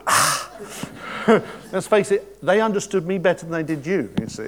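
Guy preaching casual, jokey, stops and restarts a lot, kinda high voice. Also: expressive, normal speed, a bit bright. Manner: chatty, joking asides, many restarts. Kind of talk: informal sermon.

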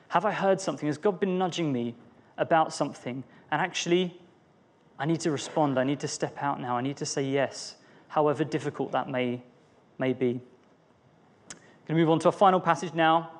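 A man's voice: fairly high pitch, moderate pace. A young man giving an earnest, personal devotional talk, often restarting his phrases. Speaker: preacher.

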